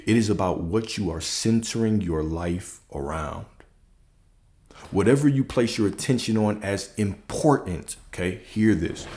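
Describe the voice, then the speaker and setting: A man with a low-set voice gives a motivational coaching talk straight to his viewers. His tone is warm and relaxed, yet he drives each point home by repeating lines and posing rhetorical questions.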